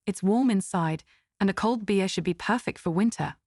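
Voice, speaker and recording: A woman narrating a first-person family drama story in an even, steady way. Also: mid-range voice, normal speed, no echo, studio quality.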